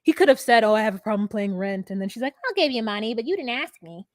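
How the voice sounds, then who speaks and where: A young woman with a high voice trades teasing remarks in a casual recap. She mocks and laughs her way through the story. The recording is dry and close. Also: lively intonation, fast, no room sound. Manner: playful, mocking, laughs often. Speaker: podcast co-host. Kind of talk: casual reality-TV recap chat.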